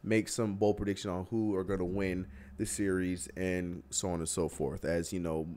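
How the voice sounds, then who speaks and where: A young man hosting a casual live sports stream, animated and exasperated, often laughing. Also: sits low, normal speed. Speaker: podcast host.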